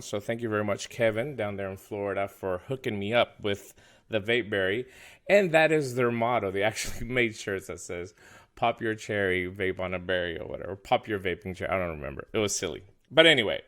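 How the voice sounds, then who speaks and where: A man from the United States talks through a small device in a casual video review. His voice sits low. He is chatty and pokes fun at himself. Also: a bit bright. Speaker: product reviewer.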